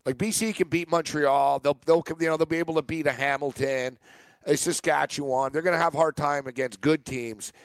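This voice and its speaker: A man's voice: on the high side, steady tone, brisk, vocal fry, no echo. A man co-hosting a sports betting radio show, brash and opinionated in casual chat. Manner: brash, opinionated, talks over his co-host.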